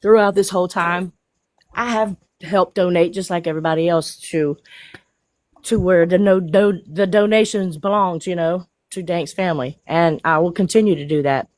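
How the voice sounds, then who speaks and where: A woman's voice: lowish voice, normal speed, darkish tone, dry recording. A woman on a live stream call, blunt and indignant, swearing as she vents. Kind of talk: heated casual chat.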